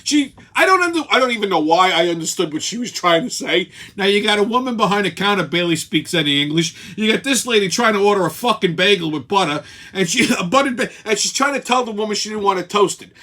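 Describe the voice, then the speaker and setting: A man's voice: high voice, animated, fast talker, hardly any pauses, bright, forceful tone. A man hosting his weekly show, telling an angry, profane story. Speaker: show host. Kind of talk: ranting weekly commentary.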